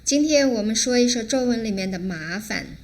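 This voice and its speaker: A woman's voice: on the high side, animated, a little fast, a little mellow. A woman teacher with a Chinese accent, a native Chinese speaker, explaining phrases and acting out their intonation in a language lesson. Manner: demonstrates phrases with varied intonation.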